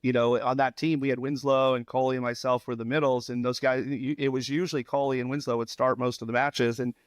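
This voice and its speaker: A man in his fifties, a former volleyball player, telling animated stories on a podcast with laughs and acted-out quotes. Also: mid-range voice, quick pace, no echo. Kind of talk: casual storytelling chat.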